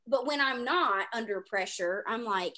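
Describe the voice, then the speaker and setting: A woman co-hosting a podcast, chatty and quick to laugh as she asks the questions. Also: fairly high pitch, sharp tone. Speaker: podcast co-host. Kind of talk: casual podcast chat.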